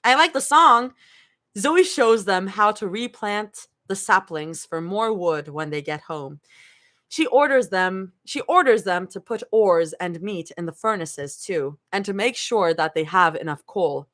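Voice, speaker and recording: A woman's voice: fairly low pitch, lively intonation, unhurried, fairly bright tone. A woman reading fan fiction aloud live, breaking off to laugh and react.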